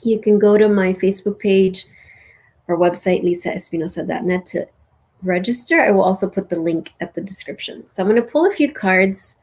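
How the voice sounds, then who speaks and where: Soft-spoken woman leading a guided meditation. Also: medium pitch, breathy edge. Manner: soft, slow and soothing in meditation; chatty with many "like"s. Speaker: spiritual teacher leading a ceremony. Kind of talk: guided meditation and casual talk. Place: live online session with chat.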